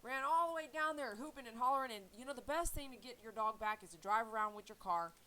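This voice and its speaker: Earnest rambling woman, slightly high voice. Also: fast talker, bright, forceful tone, low-quality recording. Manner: earnest, rambling, repeats herself. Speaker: dog groomer and channel host. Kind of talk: casual faith talk to viewers.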